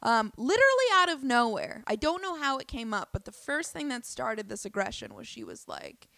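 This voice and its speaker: A young woman telling a story in a casual, animated way, swearing often and restarting her sentences. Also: on the high side, normal speed, vocal fry, no echo. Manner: animated, profane, lots of fillers and restarts.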